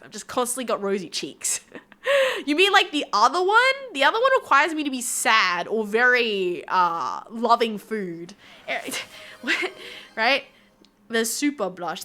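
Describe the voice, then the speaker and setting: A woman's voice: on the high side, bright, forceful tone. A young woman VTuber chatting playfully with her stream chat while she draws. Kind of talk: casual live-stream chat.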